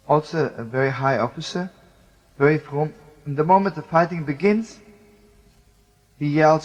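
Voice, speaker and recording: An older man, a rabbi, tells an emotional story in a spoken storytelling style and mixes in Hebrew and Yiddish words. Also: a little high. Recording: muffled lo-fi recording with music.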